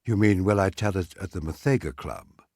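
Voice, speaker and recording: A man's voice: sits low, animated, normal speed, a little mellow, husky, no room sound, studio quality, heavily acted. A man reading a story aloud, voicing a cool, blunt professional hunter who talks in a clipped way. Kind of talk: audiobook character reading.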